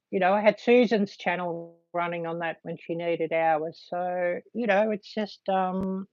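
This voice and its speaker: Woman livestream host, slow unhurried delivery, lots of ums, dull lo-fi home-mic sound. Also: fairly low pitch, dry recording. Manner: halting, filled with frequent ums. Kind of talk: casual livestream chat to viewers.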